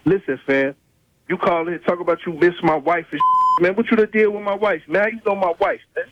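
A man's voice: high voice, fairly even intonation, fairly quick, no room sound, lo-fi sound. A man, angrily answering a prank call, swearing and repeating himself. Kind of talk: angry phone call.

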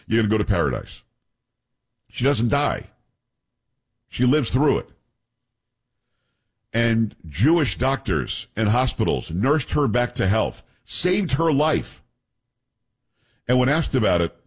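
A man's voice: lowish voice, breathy edge. A man hosting a political call-in radio show, talking emphatically and retelling stories with quoted voices. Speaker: radio talk show host.

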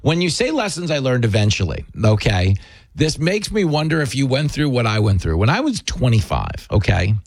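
A man hosting a studio interview, trading jokes and quick banter with his guest. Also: mid-range voice, sing-song, no echo. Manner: joking, rapid banter. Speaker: show host.

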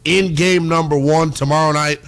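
A man hosting a sports talk program, talking in a lively, chatty way. He gets excitable and animated, riffing casually between points. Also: a little high, moderate pace. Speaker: sports show host. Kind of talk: sports talk show commentary.

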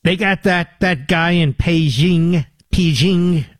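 A man's voice: on the high side, slow pace, no room sound. An older man hosting a talk radio show, with a combative, sarcastic monologue and mocking asides to his producer.

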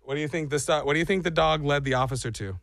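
A man's voice: on the high side, very fast, fairly bright tone. A man hosting a radio show, chatting casually and acting out goofy voices for dogs and people.

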